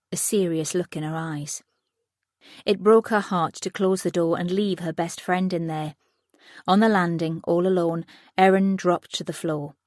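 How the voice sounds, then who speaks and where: A woman narrating an audiobook thriller in a steady, even way, close to the mic. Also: on the low side, moderate pace, no room sound. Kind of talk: scripted narration.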